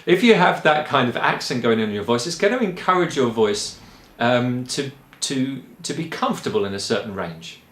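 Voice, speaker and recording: A man from England with a Kent accent, a choir director explaining singing in a relaxed, rambling way with frequent ums. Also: mid-range voice, moderate pace, roomy sound. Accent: Kent English. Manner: chatty and rambling, with frequent ums and light laughs. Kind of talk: relaxed spoken lesson.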